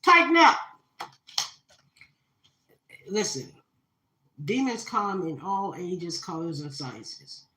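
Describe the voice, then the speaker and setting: A woman's voice: fairly low pitch, expressive, takes it slowly, reverberant, low-quality recording. A woman giving a dramatic tarot reading on a live stream, talking straight to her viewers with plenty of fillers. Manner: dramatic, spiritual, talks to viewers, many fillers. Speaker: tarot reader.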